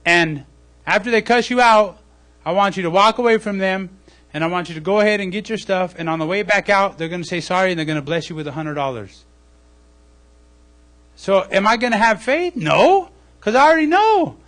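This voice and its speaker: A man's voice: sits high, brisk. A man pastor teaching in a live church service, acting out little scenes and checking in with the listeners by asking "okay?" again and again. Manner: animated, acts out scenes, asks "okay?" often.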